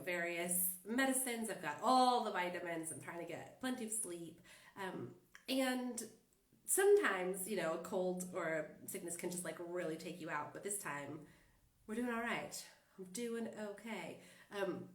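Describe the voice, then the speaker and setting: Stuffed-up woman chatting in a roomy space. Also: fairly low pitch. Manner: rambling, with frequent fillers and laughs. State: stuffed up with a cold. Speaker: life coach. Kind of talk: casual chatty monologue. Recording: roomy and distant from the mic.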